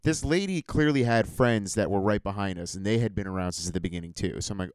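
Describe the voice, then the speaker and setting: A man's voice: on the low side, quick pace, smooth, no room sound, low-quality recording. A man co-hosting a podcast in casual chat, telling a detailed story with side remarks. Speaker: podcast co-host.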